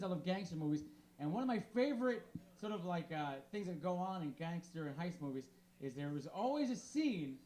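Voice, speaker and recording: Holding a handheld mic on a small bar stage, a man in his thirties delivers deadpan one-liners in a stand-up set. His voice is high-pitched, and a little hiss or hum can be heard.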